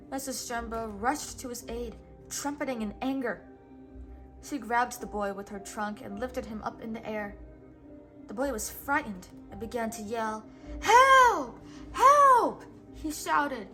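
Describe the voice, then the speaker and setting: A woman reading a children's picture book aloud in a gentle, measured way. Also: a little high, over music. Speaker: storybook reader.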